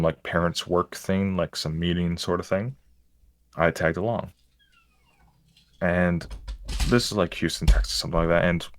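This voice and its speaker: Man, very low voice, dry close sound, casual rambling storyteller, self-mocking. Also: no echo. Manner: rambling, self-mocking, frequent fillers and restarts. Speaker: stream guest.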